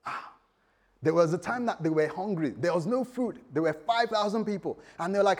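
Man, preacher, sermon, lively storytelling, husky tone, slightly high voice. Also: moderate pace. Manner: animated storytelling, acting out voices with laughter.

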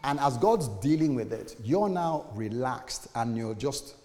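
A man's voice: mid-range voice, expressive, measured pace, dark tone. Conversational male pastor in a reverberant hall. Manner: conversational preaching, acts out quoted voices. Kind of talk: sermon.

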